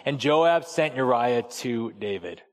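A man in his thirties preaching a sermon in a relaxed, conversational storytelling way, acting out voices as he goes. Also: mid-range voice, slow. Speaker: pastor. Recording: long hall reverb.

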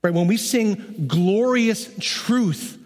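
A man's voice: sits high, slow, darkish tone. Earnest preaching man in a reverberant hall. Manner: earnest, emphatic, conversational preaching. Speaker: music leader preaching. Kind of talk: sermon.

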